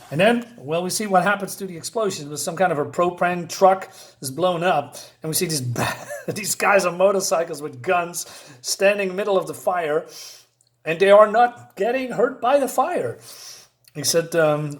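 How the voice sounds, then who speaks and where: Excited man with a fairly high voice. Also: moderate pace. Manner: enthusiastic, chuckles often, says "badass" and "right?". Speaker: comic book reviewer. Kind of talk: casual comic review with read-aloud panels.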